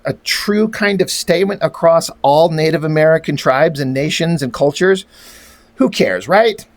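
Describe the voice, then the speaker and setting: A man reading through a comic aloud and mocking it with sarcastic, rambling, profane asides. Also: sits high. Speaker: comic reviewer.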